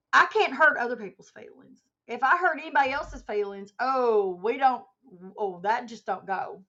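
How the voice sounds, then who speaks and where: A woman hosts a casual livestream, spinning an animated story and answering chat comments along the way. Her voice sits a touch high. The audio is dull and muffled, like a basic stream mic. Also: normal speed. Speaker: livestream host.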